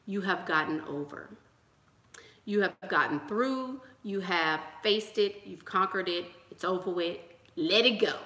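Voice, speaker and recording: Young woman preaching to her viewers, bright voice, lots of repeating herself, roomy echo. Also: medium pitch. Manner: preachy and emphatic, with repeated rallying lines. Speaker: YouTube channel host. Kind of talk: motivational sermon-style talk to viewers.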